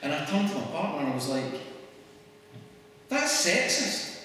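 A man's voice: on the high side, lively intonation, heavy background noise. Scottish man speaking in an echoey hall. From Scotland. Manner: conversational and wry, quick laughs. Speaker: speaker at a public event. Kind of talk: public talk to an audience. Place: church hall. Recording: echoey hall recorded from far off.

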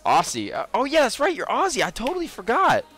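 A man's voice: very high voice, wildly swooping pitch, brisk, a bit bright, faint music behind. Joking, profane young male streamer. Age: 20s. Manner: joking, profane, laughs often. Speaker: game streamer. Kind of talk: casual livestream chat.

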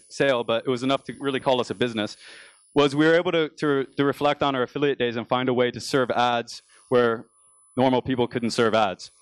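A young man from the United States gives a business talk on a conference stage, his medium-pitched voice recorded with no room sound. He tells his story casually, restarting his sentences often.

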